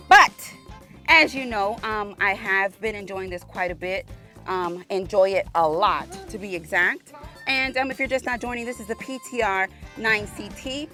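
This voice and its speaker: A woman's voice: mid-range voice, sharp tone. A woman hosting a casual shooting range vlog outdoors, chatty and exclamatory, slightly out of breath from the humid heat. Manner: chatty and exclamatory, calls viewers y'all. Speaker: firearms channel host.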